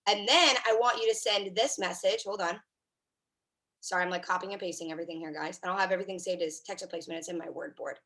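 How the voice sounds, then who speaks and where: A woman's voice: fairly low pitch, steady tone, quick pace, sharp tone. A woman coaching her sales team on a video call, upbeat and chatty, with lots of "like" and "right?".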